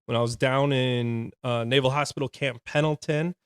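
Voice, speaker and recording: A man's voice: medium pitch, steady tone, normal speed, clean tone, dry recording. A man in his thirties, a retired Navy corpsman, telling his story as a podcast guest in a casual, frank way and laughing often.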